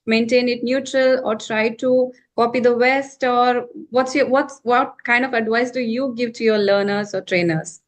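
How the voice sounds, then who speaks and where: Polite higher-voiced female interviewer. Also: steady tone, normal speed, few pauses. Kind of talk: interview questions.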